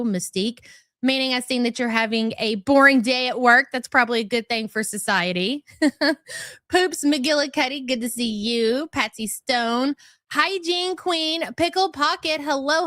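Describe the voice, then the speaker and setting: Woman streamer, crude and chatty, bright tone, dry close sound. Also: fairly high pitch, no room sound. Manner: brash, profane, greets chatters by name. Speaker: livestream host. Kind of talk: casual live chat.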